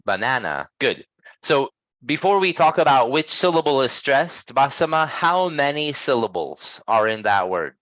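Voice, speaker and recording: A man runs a pronunciation lesson and patiently corrects his students. He models each sound slowly and clearly. The recording is dull and lo-fi, and very dry. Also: mid-range voice, big pitch swings, fairly bright tone, no room sound. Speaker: English pronunciation teacher. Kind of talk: online language lesson.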